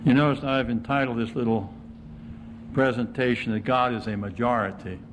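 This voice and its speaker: A man's voice: medium pitch, fairly even intonation, normal speed, background noise. A man preaching an informal sermon to a congregation, chatty, often putting questions to his listeners. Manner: conversational, asks the audience questions.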